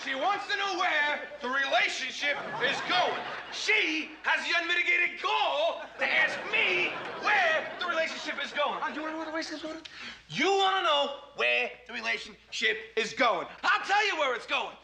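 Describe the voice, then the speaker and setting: An actor playing a blustering, yelling husband in a comedy sketch, loud and bombastic. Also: male voice, animated, normal speed, vocal fry, reverberant, background noise, exaggerated voice. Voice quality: booming, shouting, bombastic. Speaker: actor in a TV comedy-drama parody scene.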